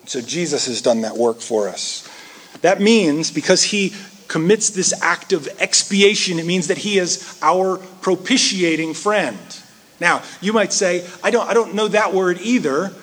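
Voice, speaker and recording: A man delivers a sermon in a husky, somewhat high voice. He talks to the congregation casually and with energy, slipping into quick impressions of everyday people to land his points. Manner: animated, acts out quoted voices and jokes. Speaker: pastor.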